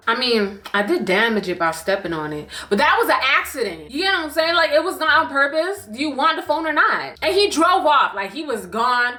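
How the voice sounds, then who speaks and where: A young woman from Canada tells a storytime vlog in a lively, profane way, acting out the quotes dramatically. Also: sits high, fairly quick, hardly any pauses, reverberant. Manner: animated, profane, dramatic quoting. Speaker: YouTuber.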